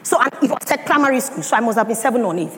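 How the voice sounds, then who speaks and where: A woman's voice: fairly high pitch, lively intonation, rapid-fire, fairly bright tone. A woman with a Nigerian accent giving a motivational talk and telling a personal story with dramatic emphasis. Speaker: speaker. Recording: echoey hall, faint ambience.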